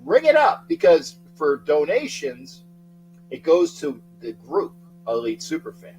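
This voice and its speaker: Excitable man hosting a sports livestream. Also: a little high, measured pace, faint music behind, rough recording. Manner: excitable, shouts out viewer names, rambling. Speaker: livestream sports talk host. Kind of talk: casual livestream chat greeting viewers.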